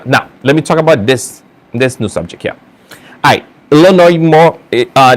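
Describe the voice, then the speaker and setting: A man with an accent hosting his own casual opinion vlog, talking straight to his viewers in halting bursts with many restarts and fillers. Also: mid-range voice. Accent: non-native English accent. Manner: earnest, talks straight to viewers. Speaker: channel host.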